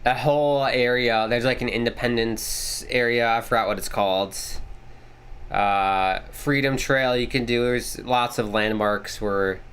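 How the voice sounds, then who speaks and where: A young man hosts a live game watchalong, his voice smooth and resonant at a mid pitch. He chats casually between plays, then snaps into quick, rising calls when the action picks up. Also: steady tone, a bit bright. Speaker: livestream host. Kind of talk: casual play-by-play watchalong commentary.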